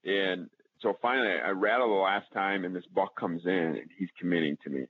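On tinny phone-line audio with a little hiss or hum, a man with a low, brisk voice tells hunting stories as a podcast guest. His casual storytelling rambles, with lots of fillers and restarts, and he gets animated when retelling.

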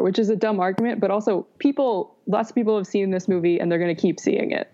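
A woman who is a recurring guest on a film podcast, chatting with quick, opinionated remarks. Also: medium pitch, dark tone. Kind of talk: casual film podcast chat. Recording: dull lo-fi sound.

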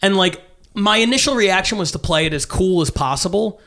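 A man in his thirties tells a long story in a slightly high, lifted voice. He acts out quotes with swearing and moves easily between his own lines and everyone else's. He is a comedian in casual conversation. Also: expressive, a little fast, fairly bright tone. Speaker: stand-up comedian guest.

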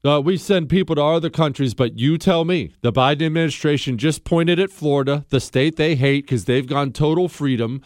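A man in his forties hosting a radio talk show, telling a story with lively, mock-outraged quotes and then taking calls. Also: on the high side, moderate pace, hardly any pauses, dry recording, clean studio sound.

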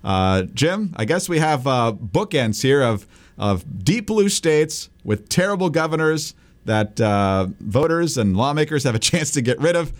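A man's voice: mid-range voice, very animated, unhurried. A man co-hosting a political podcast, commenting in a wry, dismissive way and reading the show's sign-off. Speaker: podcast co-host.

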